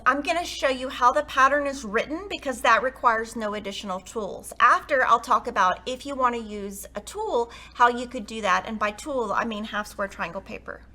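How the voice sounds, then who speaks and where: Bright-voiced woman teaching quilting. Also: a little high. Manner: chatty, warm, enthusiastic explaining. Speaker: quilting tutorial host. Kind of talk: upbeat sewing tutorial.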